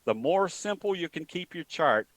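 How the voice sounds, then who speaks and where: A man's voice: a little high, lively intonation, a bit bright, dry recording, low-quality recording. Folksy plain-spoken man, dry sound. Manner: folksy, plain-spoken, halting with many fillers. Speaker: trading educator. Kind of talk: webinar talk with a told joke.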